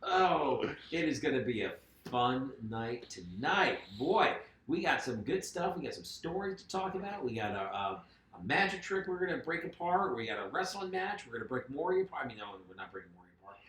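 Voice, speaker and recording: Man, podcast host, casual chat, very lively pitch, echoey room. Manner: animated, laughing, quick asides.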